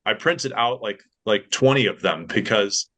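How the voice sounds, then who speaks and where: Young male podcast guest, slightly low pitch, animated storyteller who jumps into other people's voices. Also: measured pace. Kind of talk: casual storytelling.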